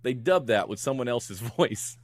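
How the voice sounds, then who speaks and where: In a relaxed podcast chat, a middle-aged man recaps a film in an animated, mid-range voice at a moderate pace. He laughs frequently and acts out the characters' lines along the way.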